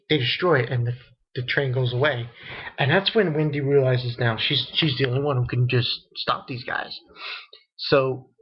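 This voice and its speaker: A man giving a casual spoken recap of an anime episode, excitable and rambling, often laughing and restarting his sentences. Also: medium pitch, husky, muffled recording.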